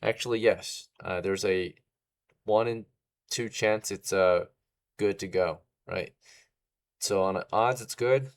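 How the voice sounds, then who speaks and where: A man's voice: fairly low pitch, slow pace, pauses often. A man narrating as game master in a casual way, often checking in with "right?". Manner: casual, tags lines with "right?".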